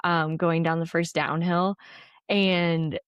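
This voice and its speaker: A woman's voice: on the low side, level tone, slow, clean tone, dry recording, dull audio. A young woman, an ultrarunner, telling her race story in a casual interview, chatty with lots of "like" and frequent laughs. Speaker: ultrarunner guest.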